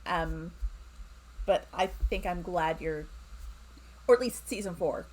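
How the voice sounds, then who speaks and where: A woman chatting casually in a calm, measured way. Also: on the low side, rough recording. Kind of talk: casual chat.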